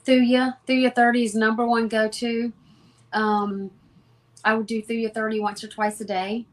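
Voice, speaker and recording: A woman speaking as a homeopath guest in an interview, giving advice in a calm, matter-of-fact, instructive way. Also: a little high, a little slow.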